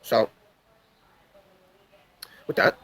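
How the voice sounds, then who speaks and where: A man's voice: drawn-out words, fairly bright tone, low-quality recording. A young man from the New York area tells a long story on a livestream. He talks in a rambling, intense way and swears a lot. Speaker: livestream host.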